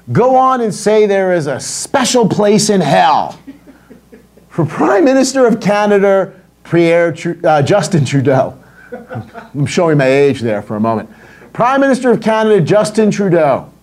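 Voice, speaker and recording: A man's voice: high voice, big pitch swings, unhurried, a little mellow. A middle-aged man from the United States hosting a political commentary show, ranting in an indignant, sarcastic and profane way.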